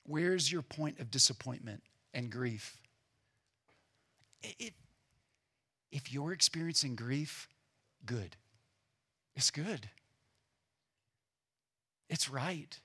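A man preaching a sermon as pastor, earnest and emphatic, at times dropping to a quiet, reflective tone. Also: medium pitch, lively intonation, slow, pauses often, slightly rough.

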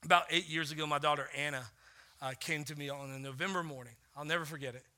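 Bright-voiced pastor, chatty storytelling sermon. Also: male voice, on the high side, fast talker. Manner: conversational storytelling, many "like" fillers, swings from hushed to animated.

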